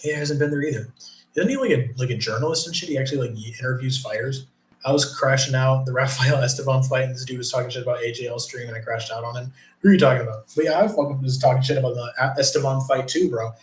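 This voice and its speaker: A man casually chatting on a live stream, reading chat aloud, with profane, rambling talk. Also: medium pitch. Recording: roomy echo.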